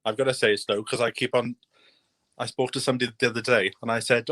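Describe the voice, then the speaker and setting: A man's voice: mid-range voice, fairly even intonation, fairly quick, bright, forceful tone, dry recording. A man hosting a casual gardening chat show, rambling and self-deprecating as he talks. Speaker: host.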